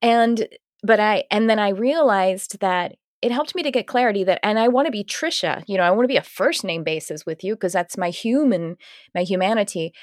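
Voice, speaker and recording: A woman's voice: medium pitch, a little fast, dry recording, studio quality. A woman hosting a podcast, chatting casually and rambling, with frequent restarts. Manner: rambling, restarts, acts out quoted voices. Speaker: podcast host.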